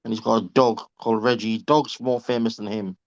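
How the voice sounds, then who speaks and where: His voice sits on the low side, steady in tone and fairly quick, as this reading group member tells casual stories on a group call. He's chatty, swears freely, and laughs as he talks. The lo-fi audio is dry, slightly dull, and echo-free.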